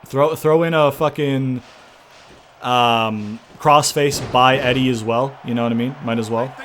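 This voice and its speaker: A young man commentating his own wrestling game playthrough, swearing and yelling in frustration at the computer opponent. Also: mid-range voice, fairly even intonation, measured pace, a little hiss or hum. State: sweating from yelling. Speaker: gaming YouTuber. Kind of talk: let's-play commentary.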